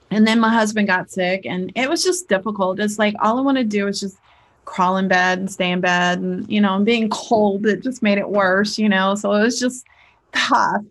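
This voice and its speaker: A woman who works as a spiritual teacher and life coach, talking casually on a livestream and telling a family story with lots of fillers. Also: mid-range voice.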